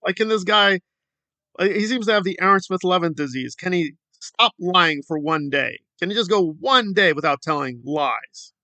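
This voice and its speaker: A man's voice: high voice, lively intonation, normal speed, bright, forceful tone, no room sound. A man hosting a commentary video, ranting in a sarcastic, exasperated way. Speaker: commentary channel host.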